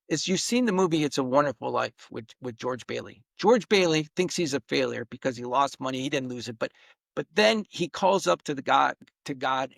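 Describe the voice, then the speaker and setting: Earnest gravelly-voiced middle-aged man. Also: fairly high pitch, no room sound. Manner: earnest, emotional, animated retelling with acted-out quotes. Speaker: podcast guest. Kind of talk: personal storytelling in an interview.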